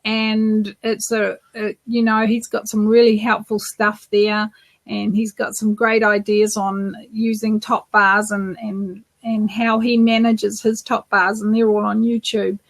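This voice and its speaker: A woman's voice: mid-range voice, flat delivery, a little slow, no echo. A woman from New Zealand co-hosting a beekeeping podcast, chatting casually with lots of fillers and restarts. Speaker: podcast co-host. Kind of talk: casual live Q&A chat.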